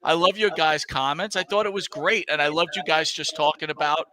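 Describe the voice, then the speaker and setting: New guy on a wrestling podcast, kinda high bright voice, hyped and rambly, swears a lot. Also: brisk. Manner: enthusiastic, rambling, profane. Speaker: wrestling podcast co-host, guest. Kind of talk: casual podcast chat.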